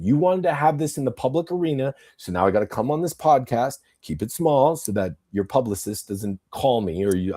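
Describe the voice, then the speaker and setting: A man's voice: medium pitch, dark tone, breathy edge. Angry, profane male podcast ranter. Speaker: podcast host. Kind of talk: profane ranting monologue.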